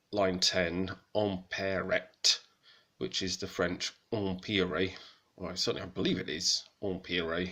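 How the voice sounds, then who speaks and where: Male presenter, deep and crisp-edged, casual teaching, hesitant and self-correcting. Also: fairly bright tone. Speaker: hobbyist presenter of Old French texts. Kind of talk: casual spoken lesson.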